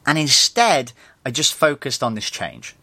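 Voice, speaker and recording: A man's voice: medium pitch, big pitch swings, measured pace, bright, forceful tone. A young man hosting a solo motivational podcast, telling a personal story in a candid way and speaking straight to his listeners. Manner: candid, storytelling, addresses listeners as "you guys". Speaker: podcast host.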